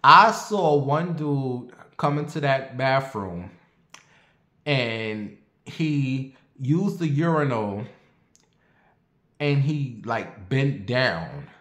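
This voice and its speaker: Animated, profane man telling a story. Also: medium pitch, reverberant. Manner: animated, profane, addresses viewers directly. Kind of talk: casual storytime monologue.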